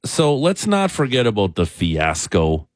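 A man's voice: on the low side, huge pitch swings, unhurried, no echo. A man co-hosting a casual sports chat, blunt and skeptical in how he talks. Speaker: co-host.

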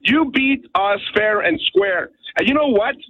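A man's voice: very high-pitched, lively intonation, a little slow, gravelly. A man from Montreal calling in to a radio show, ranting emphatically and rambling, often asking "okay?". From Montreal, Canada. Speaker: caller. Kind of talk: call-in radio rant. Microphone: telephone. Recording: tinny dry phone line.

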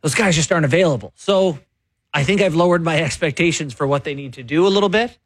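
A man co-hosting a sports talk show, making his case in a quick, conversational, opinionated way. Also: fairly high pitch, no room sound. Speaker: sports radio co-host and columnist.

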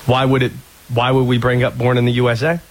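A man from North Carolina hosting a sports talk radio show, dry and sarcastic, telling lively stories. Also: medium pitch, quick pace, slight background noise. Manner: sarcastic, animated storyteller.

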